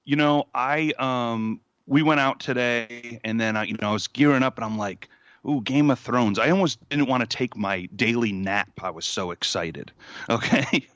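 A man's voice: mid-range voice, moderate pace, a bit bright, dry recording, muffled recording. A man co-hosting a podcast, chatting casually and rambling with fillers. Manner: rambling, laughs easily. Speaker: podcast co-host. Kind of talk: casual chat.

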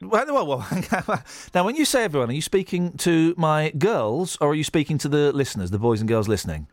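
A man's voice: on the high side, big pitch swings, fairly quick, no room sound. A man hosting a radio show podcast, bantering and teasing his colleagues in a cheeky, self-mocking way from the studio. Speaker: radio presenter.

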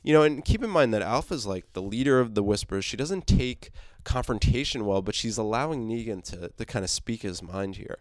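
A man's voice: on the low side, lively intonation, fairly quick, no echo, clean studio sound. A man casually recapping a comic book, rambling with fillers and restarts. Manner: rambling, many fillers, laughs, swears.

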